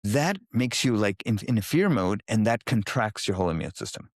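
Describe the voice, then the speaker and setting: Man telling animated stories, dry close sound. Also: on the low side, brisk, no room sound. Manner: animated storytelling, acting out quoted voices. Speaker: guest. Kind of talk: conversational podcast interview.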